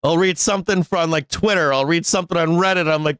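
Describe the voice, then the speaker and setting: A man's voice: on the high side, fast, a bit bright, clear, resonant tone, no room sound. Blunt, profane man ranting. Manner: blunt, profane and laughing, with frequent restarts. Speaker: host of a live stock market show. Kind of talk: casual live-stream rant.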